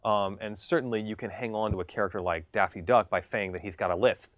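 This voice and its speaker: A voice actor from the United States with a mid-Atlantic accent, speaking in an articulate, measured and slightly elevated way in an interview. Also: male voice, fairly low pitch, steady tone.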